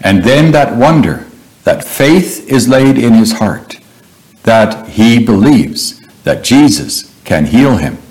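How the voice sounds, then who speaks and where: A man preaching a sermon, retelling Bible stories in a slow, measured, earnest way. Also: medium pitch, big pitch swings, darkish tone, rough recording.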